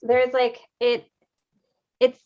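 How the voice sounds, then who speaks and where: A woman's voice: fairly high pitch, monotone, slow pace. A woman in a casual panel chat, teasing a friend and laughing often. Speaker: illustrator panelist. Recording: slightly dull, lo-fi audio.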